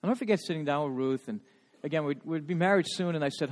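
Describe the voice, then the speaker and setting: A middle-aged pastor delivers a sermon in a fairly high voice. He swings between emphatic, raised passages and quiet, hushed ones, often repeating words. The sound carries a long reverb of a large hall. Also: fast. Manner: repeats words when emotional. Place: church sanctuary.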